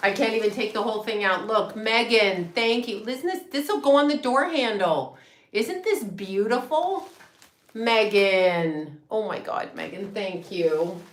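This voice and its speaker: A woman hosting a casual livestream from home, chatty and excitable, swearing freely and laughing often. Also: a little high. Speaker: psychic medium and astrologer livestream host. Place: home room with a set. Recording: echoey room with faint noise.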